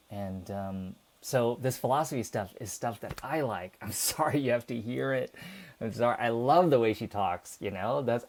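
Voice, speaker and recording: A man's voice: lowish voice, a little mellow, slight background noise. A man hosting a livestream, talking casually and passionately to his chat, rambling and swearing. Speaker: livestream host.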